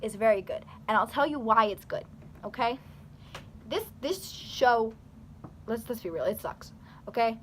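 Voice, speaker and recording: A woman's voice: on the high side, expressive, a little slow, long pauses, slight background noise. A young woman rambling animatedly through casual commentary to her camera, full of fillers and restarts. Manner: talks with her hands. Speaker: YouTuber. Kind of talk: casual talking-head commentary.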